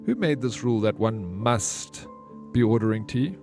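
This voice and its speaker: A man's voice: mid-range voice, sing-song, moderate pace, darkish tone, faint music behind. A man reading a courteous, formal companion. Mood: gentle. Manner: courteous, formal, slightly odd phrasing.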